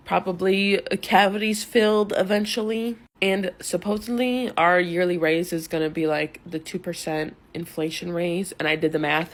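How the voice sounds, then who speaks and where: A woman talking casually to camera, complaining in a matter-of-fact way. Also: on the low side.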